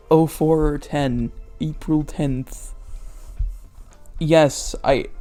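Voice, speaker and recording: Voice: medium pitch, dark tone. A reader reading fan fiction aloud and stopping often to mock the writing with sarcastic, swearing asides. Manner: sarcastic, swears, laughs at the text. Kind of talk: mocking read-aloud commentary.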